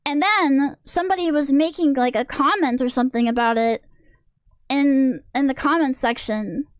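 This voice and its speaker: A woman streamer with a high voice rants casually at a normal pace, rambling and restarting her sentences in exasperation. The audio is studio quality, with no room sound.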